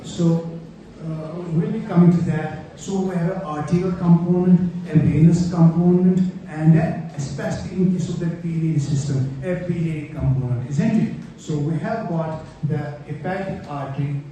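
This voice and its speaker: A man's voice: fairly high pitch, moderate pace, mellow. Echoey, distant male anatomy lecturer. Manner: explanatory, checks in often with rhetorical questions. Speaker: medical lecturer. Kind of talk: exam-prep anatomy lecture. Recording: very echoey room, distant mic, faint noise.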